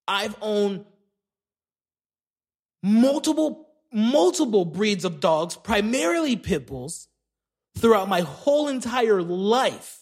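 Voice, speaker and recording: A man with a very high voice hosts a solo comedy podcast. He rants with heavy profanity and indignation. His delivery is slow and drawn out. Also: big pitch swings, slightly rough. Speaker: podcast host.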